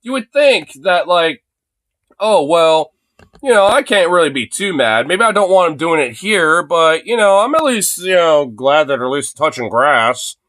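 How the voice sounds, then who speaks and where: A man's voice: on the high side, very animated, moderate pace, fairly bright tone. Rambling, swearing man on a live stream. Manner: rambling, heavy fillers and swearing. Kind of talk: casual ranting live stream. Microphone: phone.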